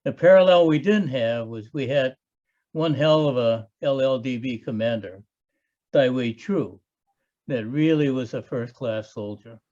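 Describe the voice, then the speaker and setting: A man's voice: mid-range voice, measured pace, a little mellow, muffled recording. An older man, a Special Forces veteran, telling a story bluntly and matter-of-factly in an oral history.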